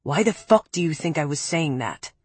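A woman voicing a cold, cruel young man who speaks calmly and cuttingly in a low, flat tone. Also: moderate pace, slightly rough, dry recording. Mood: cold, menacing.

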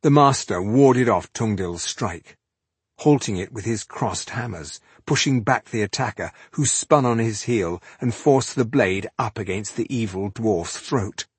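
A man narrates an audiobook at a measured, even pace. His voice is low and husky, recorded close and dry with no room sound. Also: no echo.

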